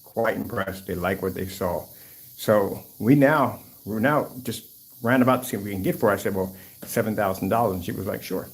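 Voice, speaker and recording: A man talking casually to his viewers from his home, rambling and animated. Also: fairly low pitch, fairly quick, breathy edge. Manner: talkative, talks softly to a rescued bird. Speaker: vlogger. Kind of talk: casual vlog talk to camera. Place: at home, indoors.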